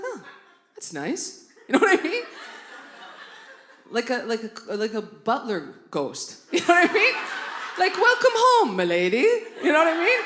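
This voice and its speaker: Animated middle-aged woman doing stand-up. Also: reverberant. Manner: animated storytelling, jumping into loud high-pitched outbursts. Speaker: stand-up comedian. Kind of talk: stand-up comedy set. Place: theatre stage before a live audience.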